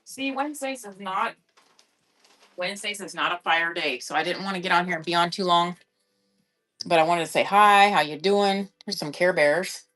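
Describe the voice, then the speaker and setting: A woman's voice: on the low side, moderate pace, a bit bright. A middle-aged woman chatting casually on a live-stream sale, rambling and thinking aloud while she checks sizes. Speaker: online reseller selling on a live shopping app.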